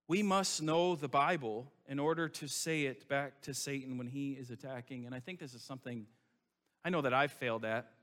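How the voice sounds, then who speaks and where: Bright-voiced preacher in a reverberant hall. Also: male voice, medium pitch. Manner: emphatic, conversational, rhetorical questions. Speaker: pastor. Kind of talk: sermon.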